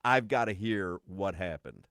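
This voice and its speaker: A man's voice: deep voice, unhurried, no echo, studio quality. A man hosting a sports radio show, eagerly asking a co-host about his story. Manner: lively, eager interviewer. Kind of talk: casual sports radio talk.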